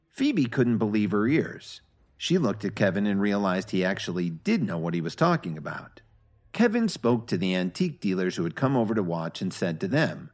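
A man narrating a story in a steady, expressive reading. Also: sits low, moderate pace, breathy edge.

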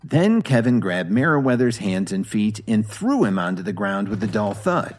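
A man reads a dramatic story aloud in a low voice. His intonation swings widely. The delivery is scripted and expressive. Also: normal speed. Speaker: narrator.

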